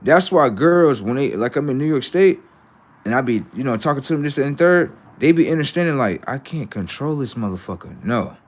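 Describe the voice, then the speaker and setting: A man's voice: medium pitch, lively intonation, moderate pace. Profane rambling man taunting his chat. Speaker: livestream host. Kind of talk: casual livestream talk to chat.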